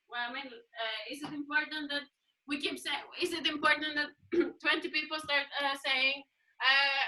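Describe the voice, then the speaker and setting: A woman's voice: sits high, lively intonation, normal speed, noisy background. A woman performing an improvised spoken piece over a video call, musing, rambling and asking questions aloud.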